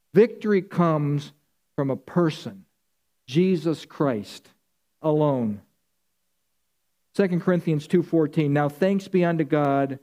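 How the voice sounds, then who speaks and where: Male preacher, emphatic and repetitive, mellow tone, slightly raised pitch. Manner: addresses listeners as folks. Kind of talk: sermon.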